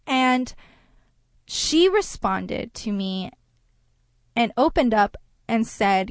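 Woman, fairly high voice, unhurried delivery, earnest and reflective storytelling, hesitant pauses, dry close sound. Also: lively intonation, dry recording. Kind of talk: personal storytelling.

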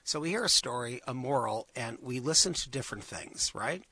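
A man hosting a talk show, chatting with a guest and giving storytelling tips, playing expressively with pauses and emphasis. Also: medium pitch, lively intonation, pushed and bright, breathy edge, no room sound. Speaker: show host.

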